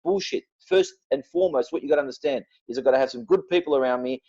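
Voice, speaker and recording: A man speaking as a podcast guest, blunt and forceful, cursing freely as he makes his points. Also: medium pitch, quick pace, dull audio. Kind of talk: passionate podcast talk.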